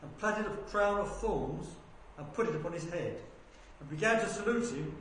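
A man with a fairly high voice reads scripture aloud, slow and deliberate, lifting his tone for the quoted lines. His voice rings through a very reverberant room with a faint hiss of background noise. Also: animated, a bit bright. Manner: measured, deliberate reading that rises for quoted speech. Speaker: scripture reader. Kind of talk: bible reading aloud.

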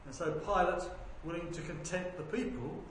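High-voiced man reading scripture in echoing room. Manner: measured, deliberate reading that rises for quoted speech. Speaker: scripture reader. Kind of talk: bible reading aloud. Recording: very echoey room with faint background noise.

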